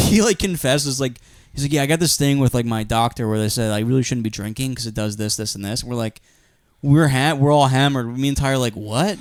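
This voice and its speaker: A man's voice: mid-range voice, clean tone, dry recording, clean studio sound. Rambling storytelling Philly-area man. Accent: Philadelphia area. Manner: rambling storyteller, laughs often, acts out quotes. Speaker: podcast co-host. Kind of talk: casual chat.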